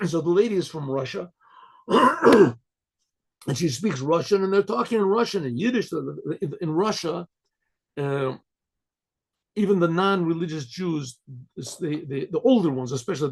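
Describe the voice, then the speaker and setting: Gravelly rabbi telling a story. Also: male voice, on the high side, expressive, normal speed, a little mellow. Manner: frequent throat clearing, restarts.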